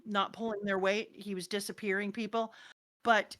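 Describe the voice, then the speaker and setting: A woman co-hosting a casual chat, animated, swinging between hushed retelling and loud outbursts. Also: medium pitch, normal speed, no echo. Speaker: podcast co-host.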